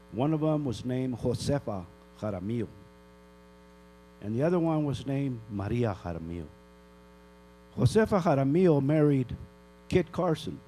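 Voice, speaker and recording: A man's voice: mid-range voice, mellow, slight background noise, poor audio. An older man from northern New Mexico giving an angry public comment at a town council meeting, scolding and firing off rhetorical questions.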